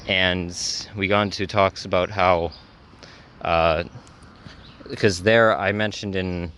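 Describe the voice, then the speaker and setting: A man's voice: sits low, bright, forceful tone, a little hiss or hum. A man talking casually in a travel vlog, rambling with lots of fillers and self-corrections. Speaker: travel vlogger.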